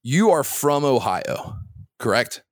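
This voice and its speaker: A man hosting a podcast in casual chat, asking teasing, probing questions with quick restarts. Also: mid-range voice, sing-song, no echo, studio quality. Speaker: podcast host.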